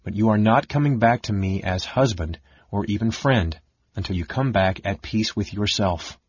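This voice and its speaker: A man voicing a firm, resolute young wife who speaks quietly, steadily and earnestly. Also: fairly low pitch, moderate pace, husky, no echo. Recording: dull lo-fi dry audiobook recording.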